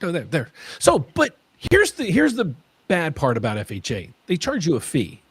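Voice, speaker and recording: A man hosts a mortgage question-and-answer stream, his voice slightly husky and pitched a bit high. His delivery swings widely up and down, and he gets worked up, repeating words as he pushes his points. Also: normal speed, dry recording. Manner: animated, excitable, repeats words. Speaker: mortgage lender host.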